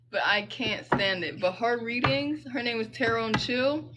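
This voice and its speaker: A woman's voice: a little high, a little fast, few pauses, a bit bright, slight background noise, low-quality recording. A young woman doing a casual tarot reading, chatty and slangy, rambling into side stories. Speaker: tarot reader.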